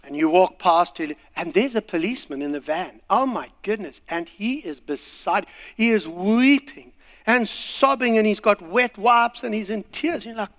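A man's voice: sits high, animated, moderate pace, fairly bright tone. A man preaching a sermon, acting out little scenes and voices as he goes. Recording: long hall reverb.

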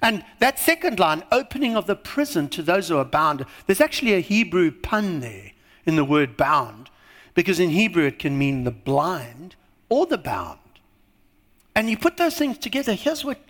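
A pastor preaching a sermon to his congregation, rising to emphatic peaks and dropping to a hush. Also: sits high, moderate pace. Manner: lively preaching with sudden drops to a hush. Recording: hall reverb.

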